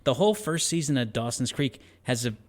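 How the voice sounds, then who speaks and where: A man in his thirties talks fast on a casual movie podcast, rambling and joking as he goes. His voice sits in an ordinary middle pitch, and the fillers pile up as he works through his thoughts. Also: animated. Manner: rambling, jokey, lots of fillers. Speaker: podcast co-host.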